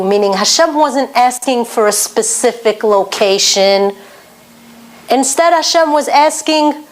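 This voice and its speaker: Woman Torah teacher, earnest and emphatic, high voice, slow measured delivery. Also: animated. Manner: earnest, emphatic teaching, dense with Hebrew terms. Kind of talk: Torah lesson for women.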